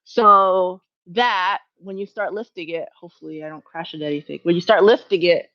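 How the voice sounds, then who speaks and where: A woman's voice: on the low side, normal speed, muffled recording. A woman hosting a casual live Q&A from home, rambling and correcting herself, laughing often as she talks to her chat. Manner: rambling, self-correcting, chatty with frequent laughs. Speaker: livestream host.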